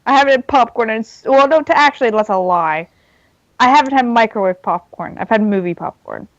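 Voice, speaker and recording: A woman player chatting emphatically and excitably in a casual tabletop game session. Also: on the high side, fairly quick, dry recording, lo-fi sound.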